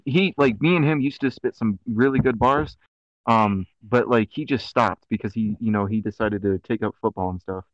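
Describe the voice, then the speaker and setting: A man's voice: medium pitch, fairly bright tone, dry recording. Laid-back young man rambling on a lo-fi podcast. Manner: rambling, laughing, lots of fillers. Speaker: podcast host. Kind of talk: casual chat. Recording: dull lo-fi dry sound.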